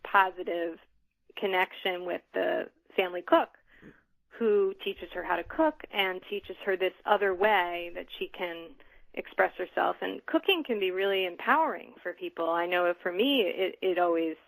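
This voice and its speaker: Woman author, middle-aged, lowish pitch, thoughtful, hesitant ums. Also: normal speed, creaky, low-quality recording. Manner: thoughtful, with frequent ums and restarts. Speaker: author guest. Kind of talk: conversational interview.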